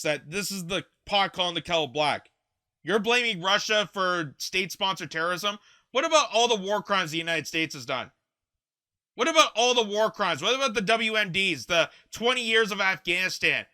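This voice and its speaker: A man's voice: sits high, sharp tone. A man in his twenties from Canada, hosting an angry, heated political commentary rant from his basement. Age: 20s. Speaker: host. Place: home basement.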